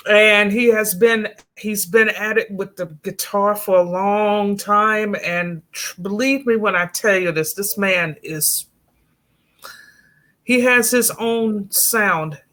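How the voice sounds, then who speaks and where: A woman hosting a radio interview with a bright, ringing voice. She talks warmly and effusively, laughing often between her questions. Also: medium pitch, slow. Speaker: radio show host. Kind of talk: casual interview.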